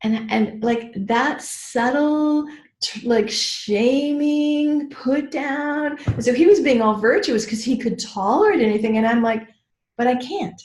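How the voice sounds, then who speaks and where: A woman's voice: high-pitched, slow, darkish tone. Candid, chatty woman mentor in an echoey room. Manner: chatty and candid, many "like"s and "right?" check-ins; frank, with mild swearing. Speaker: business mentor leading a training call. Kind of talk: teaching a group call, casual and personal. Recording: roomy echo.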